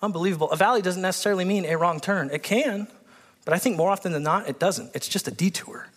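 A pastor delivers a sermon in a high, bright male voice. He reads scripture, then breaks in with lively, animated commentary. Now and then he acts out the people in the story. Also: fast, in a large hall. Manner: animated, excitable, acts out biblical characters with voice shifts.

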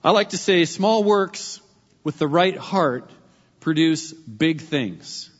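A man preaching a sermon as pastor, emphatic and repeating his key phrases slowly. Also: a little high, animated, in a large hall, highs cut off.

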